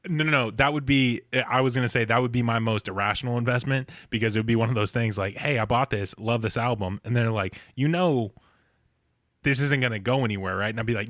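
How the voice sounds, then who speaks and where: A man's voice: medium pitch, fast, a bit bright, no room sound, studio quality. Rambling young man joking on a podcast. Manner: rambling, restarts a lot, laughs between jokes. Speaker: podcast co-host. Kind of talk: casual chat.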